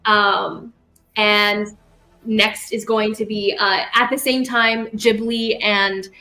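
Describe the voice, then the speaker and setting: A woman's voice: medium pitch, level tone, slow pace, sharp tone, low-quality recording. A woman narrating as game master of a tabletop game, rambling, correcting herself and adding sound effects.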